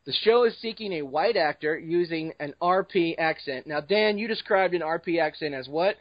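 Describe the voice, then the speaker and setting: A man's voice: on the high side, normal speed, dry recording. A man hosting a podcast in loose, rambling casual chat full of fillers. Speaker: podcast host. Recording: dull lo-fi dry mic.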